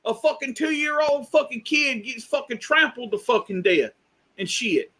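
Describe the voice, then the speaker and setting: Man, very high bright voice, slow deliberate pace, heated cursing rant, live stream. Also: lively intonation, a little hiss or hum. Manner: heated, profane, exasperated. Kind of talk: angry political rant.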